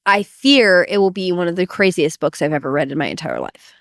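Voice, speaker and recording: A woman's voice: on the low side, expressive, fairly quick, fairly bright tone, dry recording, studio quality. A woman co-hosting a podcast in casual chat, rambling and teasing playfully. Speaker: podcast co-host.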